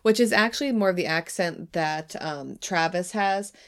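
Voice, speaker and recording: Woman, podcast co-host, casual chat, low smooth voice, talks at length. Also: moderate pace. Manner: chatty, explains at length, speeds up when excited.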